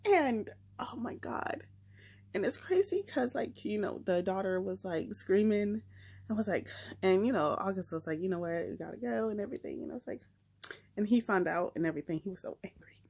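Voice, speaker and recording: A young woman vlogging, chatting excitedly and emotionally about a book she just read, talking straight to her viewers. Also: medium pitch, fairly quick, creaky, low-quality recording. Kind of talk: casual chat.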